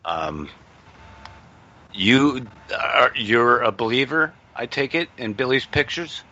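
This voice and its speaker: A man's voice: medium pitch, animated, slow, bright, forceful tone. A man hosting a radio interview, giving short reactions and thinking aloud as he clicks through a website. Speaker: radio host. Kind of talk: casual interview chat. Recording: dull lo-fi sound with faint hiss.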